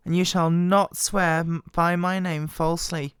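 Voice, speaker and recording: Hoarse woman reading slowly, close-miked. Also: little pitch movement, no room sound. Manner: quiet, halting, voice wobbling in pitch. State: hoarse from a bad cold. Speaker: Bible reader. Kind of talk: slow scripture reading. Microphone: very close to the microphone.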